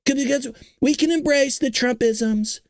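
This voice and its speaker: A man in his thirties hosting a casual political commentary show, excitable and hyped up, laughing often and teasing his chat. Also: very high-pitched, normal speed, no echo. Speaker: show host.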